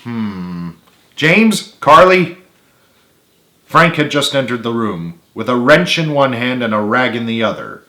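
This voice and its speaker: Man, author narrating storybook, steady read-aloud, mid pitch, roomy echo. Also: normal speed, hardly any pauses. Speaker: author reading his book.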